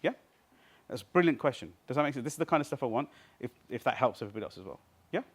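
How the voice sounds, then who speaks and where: A man's voice: medium pitch, lively intonation, very fast. A man leading a live workshop, teaching a small group in an interactive way and often checking that they follow. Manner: interactive, keeps checking with the audience. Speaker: seminar trainer. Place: seminar room with a small group.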